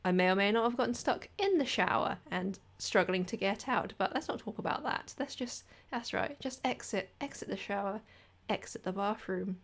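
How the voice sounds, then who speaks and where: A woman's voice: medium pitch, moderate pace. A young woman giving a casual room tour, playful and self-mocking. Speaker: vlogger. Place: small room indoors.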